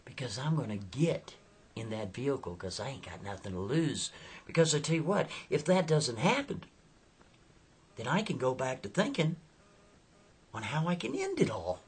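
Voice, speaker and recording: A man's voice: mid-range voice, big pitch swings, normal speed, breathy edge, heavily acted. A man voicing a worried, stranded Southern woman who anxiously mutters to herself. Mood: desperate.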